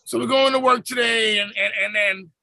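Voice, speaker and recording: A man's voice: very high voice, fairly even intonation, normal speed, creaky, sharp tone, no echo, shouting, low-quality recording. A man hosting a podcast over a video call, telling stories in a casual, profane, slang-heavy comedic rant. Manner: profane, storytelling with swearing and slang. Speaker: podcast host.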